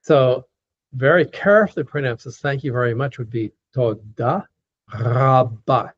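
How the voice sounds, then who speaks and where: A man teaching a class, patiently saying words slowly and repeating them, with many fillers, over an online call. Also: medium pitch, lively intonation. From United States. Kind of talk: lecture teaching pronunciation. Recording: dull lo-fi call audio.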